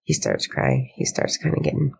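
A woman's voice: extremely low pitch, huge pitch swings, normal speed, gravelly, slight background noise. A woman co-hosting a casual podcast, talking bluntly with lots of swearing and frequent laughs. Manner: blunt, profane, laughs often. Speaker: podcast co-host. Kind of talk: casual chat.

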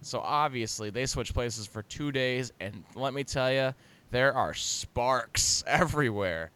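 A man's voice: mid-range voice, expressive, measured pace, sharp tone, clear, resonant tone. A man in casual chat, joking and rambling as he retells a movie plot with laughs.

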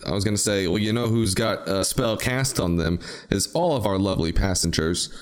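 A man's voice: fairly low pitch, fairly quick. A man hosting a podcast in casual chat, telling rambling, jokey stories. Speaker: podcast host.

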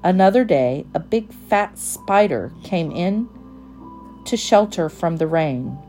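A woman reading a children's storybook aloud in a gentle, unhurried manner. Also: on the low side, lively intonation, faint music behind.

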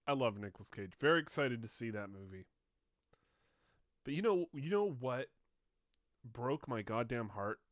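A man's voice: mid-range voice, lively intonation, normal speed, pauses often, no echo, clean studio sound. A young man co-hosting a podcast, chatting casually with loose swearing and frequent laughter. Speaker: podcast co-host. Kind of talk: casual chat.

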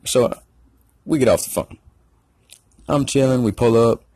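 A man's voice: medium pitch, a little slow, warm tone, no echo. A man telling a rambling, profane story in a casual rant. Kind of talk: casual ranting anecdote.

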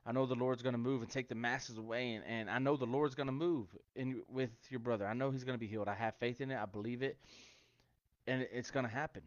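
A man's voice: mid-range voice, steady tone, quick pace, no echo. A man giving a casual devotional talk to online viewers, chatty and joking between scripture quotes. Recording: dry, dull lo-fi sound.

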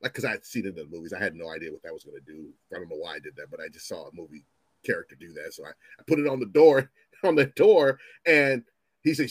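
Man, 50s, storyteller guest; lively swooping delivery, salty language, dry close sound. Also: sits low, fast, husky, no echo. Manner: animated, profane, acts out voices in his stories. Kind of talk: casual storytelling chat.

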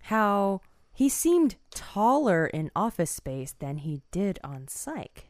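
A woman co-hosting a podcast in casual chat, with a blunt, deadpan manner. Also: medium pitch, slow pace, dry recording, studio quality. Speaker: podcast co-host.

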